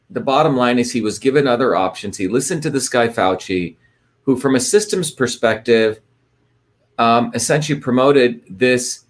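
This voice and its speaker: A man hosting a livestream, reading out where viewers are from and talking casually with many fillers and restarts. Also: medium pitch. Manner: rambling, many fillers and restarts, retells stories. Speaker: livestream host.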